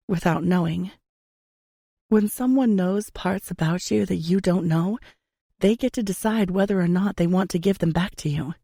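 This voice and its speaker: Gravelly low-voiced woman narrator. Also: warm tone, no echo, studio quality. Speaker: audiobook narrator. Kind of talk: first-person romance audiobook narration.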